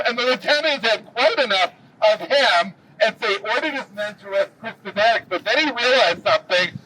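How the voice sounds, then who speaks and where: High-voiced male tour guide outdoors. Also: fairly quick, hardly any pauses. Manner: lively storyteller with dry jokes. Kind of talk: storytelling historical tour talk. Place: outdoors in a city square. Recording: distant camera mic, faint street noise.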